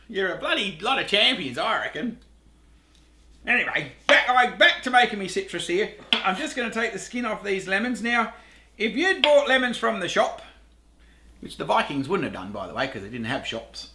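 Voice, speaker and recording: A man's voice: high-pitched, sing-song, moderate pace, bright, forceful tone, echoey room. A middle-aged Australian man hosting a home cooking show, chatting casually to camera, rambling, laughing at himself and swearing lightly.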